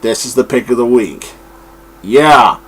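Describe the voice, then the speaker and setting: A man's voice: medium pitch, measured pace, slightly rough. A man chatting his way through comic book reviews at home, rambling with frequent fillers and restarts. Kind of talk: casual review vlog. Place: room at home with his dog.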